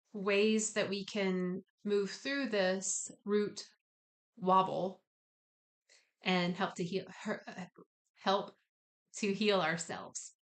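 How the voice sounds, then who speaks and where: A woman speaks in an easy, conversational way as she guides listeners through a spiritual practice. Her delivery is gently encouraging, with slangy asides mixed in. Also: medium pitch. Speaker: spiritual wellness teacher. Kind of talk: casual spoken guided talk.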